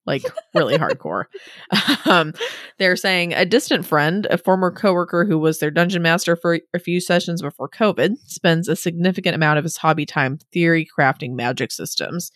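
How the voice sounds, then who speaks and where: Lower-voiced laughing woman, dry sound. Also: normal speed, dry recording. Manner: relaxed, laughing, rambling asides. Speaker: podcast co-host. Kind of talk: casual podcast chat reading listener submissions.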